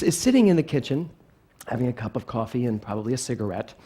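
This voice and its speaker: A male pastor from Philadelphia giving a sermon, animated and playful, telling stories. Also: mid-range voice, quick pace, slightly rough. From Philadelphia, USA.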